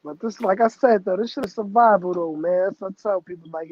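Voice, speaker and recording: Host, male, very high pitch, loose profane banter, dull dry recording. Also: brisk, few pauses, dry recording. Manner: loose, profane street talk, laughs often. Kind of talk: casual chat.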